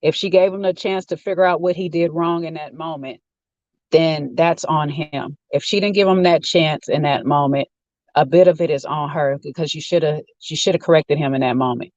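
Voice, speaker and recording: A man's voice: fairly high pitch, steady tone, moderate pace, dry recording, highs cut off. A man giving a rambling, opinionated casual rant while sitting in a car. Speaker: vlogger. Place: inside a car.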